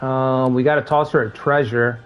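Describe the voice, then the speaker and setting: Medium in pitch, steady and smooth, this gaming streamer speaks at a moderate pace through a muffled recording with faint music. His commentary is laid-back, mixing work stories with laughter and free swearing.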